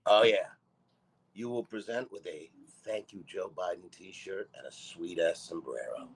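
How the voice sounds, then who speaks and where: A brash comedian reading his own comedy script aloud, loud, abrasive and mocking. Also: low voice, measured pace, slightly rough. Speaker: guest comedian. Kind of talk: comedy script table read.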